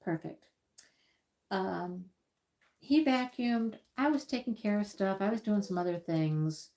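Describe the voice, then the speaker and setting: A woman with a dark, mid-range voice and a measured pace hosts a casual crafting livestream from her table at home. Her chat meanders, and she repeatedly echoes her own words.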